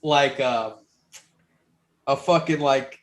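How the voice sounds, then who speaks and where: A man in his thirties from New York, a podcast guest telling a story in casual chat. He is animated and profane, with lots of fillers. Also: medium pitch, slow pace. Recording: roomy echo.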